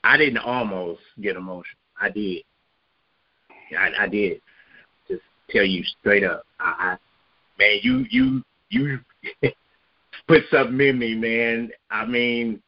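A male co-host of an online radio show, talking in an earnest, emotional way. He often stammers and repeats himself. His voice has a dull, lo-fi sound. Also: on the low side. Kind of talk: casual chat.

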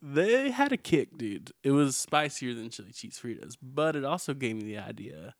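A man's voice: medium pitch, very animated, normal speed, no echo, clean studio sound. A man co-hosting a podcast, telling a rambling story in casual chat and laughing as he goes. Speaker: podcast co-host.

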